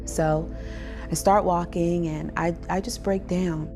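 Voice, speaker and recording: A woman earnestly telling her own story as a survivor advocate, with restarts, over soft music. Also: fairly low pitch, steady tone, slow. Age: adult parent. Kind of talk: personal testimony.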